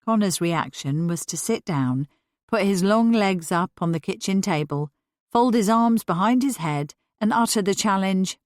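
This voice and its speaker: A woman narrating a novel as an audiobook in an even, measured way. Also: mid-range voice, dry recording, studio quality. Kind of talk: scripted narration.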